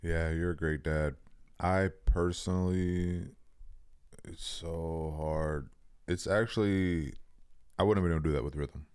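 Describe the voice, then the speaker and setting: A man's voice: low-pitched, fairly even intonation, measured pace, darkish tone, clean tone. A young man co-hosting a podcast, talking casually and bluntly, with a lot of swearing and emphasis. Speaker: podcast co-host.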